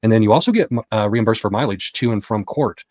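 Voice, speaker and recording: A man's voice: fairly low pitch, expressive, fast talker, a little mellow, dry recording. A man giving a casual spoken recap of a court session as a reporter, retelling what was said with quoted dialogue.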